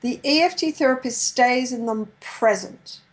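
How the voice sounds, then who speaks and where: A woman's voice: unhurried, rough recording. Woman lecturing on couple therapy. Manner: acts out therapist and client lines in a gentle, higher voice. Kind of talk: lecture with role-played therapy dialogue.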